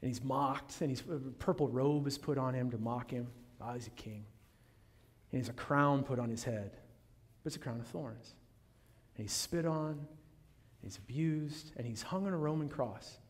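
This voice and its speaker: A male pastor preaching a sermon in a dramatic way, swinging from loud proclamation down to a hushed near-whisper. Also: mid-range voice, normal speed. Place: church sanctuary. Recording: long reverb of a large church hall.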